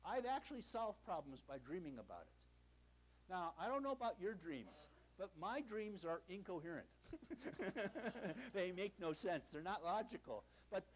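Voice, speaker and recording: An older man lectures in a hall, his voice pitched high for a man. He swings through his pitch freely, animated and storytelling, with dry jokes at his own expense. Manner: animated storytelling, self-deprecating humor. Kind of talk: university lecture.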